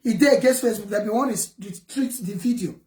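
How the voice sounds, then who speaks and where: A Nigerian vlogger speaks Pidgin English in a heated personal rant, defiantly addressing her viewers and scolding her critics. Her voice is medium in pitch and a little mellow, she talks fast, and the room is echoey.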